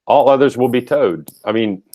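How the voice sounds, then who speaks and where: A man's voice: medium pitch, normal speed, mellow. A man hosting a webinar, talking casually with jokes and frequent fillers and restarts. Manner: chatty, joking, many fillers and restarts. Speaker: host.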